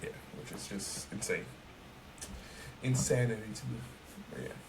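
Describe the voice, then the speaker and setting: A young man talking casually on a podcast, ranting in an animated, profane and emphatic way. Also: mid-range voice, moderate pace, gravelly. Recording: roomy, distant mic, faint noise.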